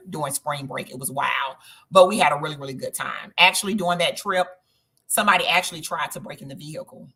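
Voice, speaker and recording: A woman's voice: low-pitched, pushed and bright, husky. Chatty Southern woman hosting a livestream. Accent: Southern US, Georgia. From Southern Georgia, USA. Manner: chatty, addresses viewers directly, frequent "okay?" tags. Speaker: host of a travel group livestream. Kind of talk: casual livestream chat.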